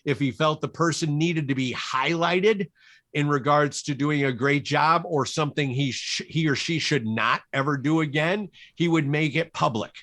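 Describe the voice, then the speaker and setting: A man's voice: fairly high pitch, normal speed. Man telling film-set stories. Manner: animated, quotes people in his stories. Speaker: cinematographer guest. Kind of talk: relaxed anecdotal storytelling.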